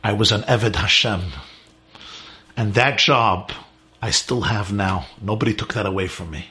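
Dignified devout male prisoner, quiet resolve, as a preacher voices him. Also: on the low side, measured pace, pitched below the performer's own voice. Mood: resolute.

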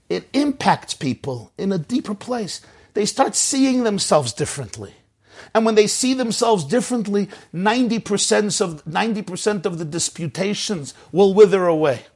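Preacher-storyteller, male, higher register, animated delivery. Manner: animated, acts out shouting voices. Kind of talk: sermon storytelling.

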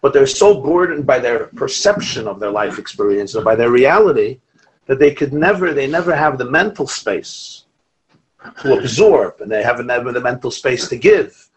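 A man teaching a Torah class as a rabbi, lively, quoting Hebrew texts and telling stories. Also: mid-range voice, normal speed, poor audio. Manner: animated, quotes Hebrew and Aramaic texts, asides and restarts.

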